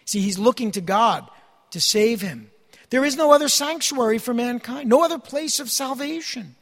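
A man's voice: very high-pitched, long reverb tail. A man preaching a sermon, earnestly teaching and reading scripture aloud. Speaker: pastor.

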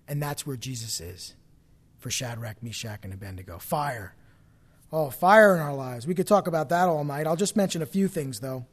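A man with a fairly high voice preaches a sermon. He climbs loud and forceful when quoting scripture and drops low and quiet for personal stories.

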